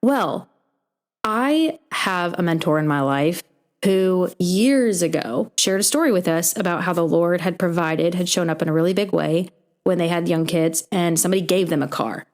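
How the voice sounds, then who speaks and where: Lively storytelling woman host, low voice. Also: moderate pace. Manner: animated, acts out quoted voices in her stories. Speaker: podcast host. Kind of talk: casual storytelling chat.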